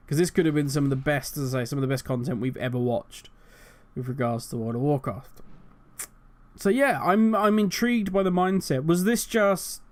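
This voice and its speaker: A man's voice: fairly high pitch, a little mellow. A man hosting a gaming channel, ranting animatedly with exasperated rhetorical questions. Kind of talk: casual commentary rant.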